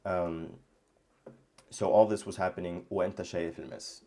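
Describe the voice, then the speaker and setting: A man teaching grammar in a casual lesson, thinking aloud with many pauses and restarts. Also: deep voice, fairly even intonation, mellow. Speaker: language teacher.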